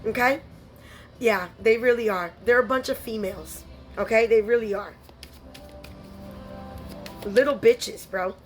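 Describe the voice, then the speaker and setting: A woman's voice: a little high, measured pace, pauses often, faint music behind. A woman giving a spiritual tarot reading, blunt and scolding, full of streetwise slang. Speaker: tarot reader.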